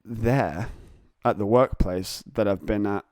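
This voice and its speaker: Mellow rambling English podcast man. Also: on the low side, slow pace, no echo, studio quality. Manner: rambling, digressive, self-mocking. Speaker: podcast host. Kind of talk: casual solo podcast monologue. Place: home, on a couch.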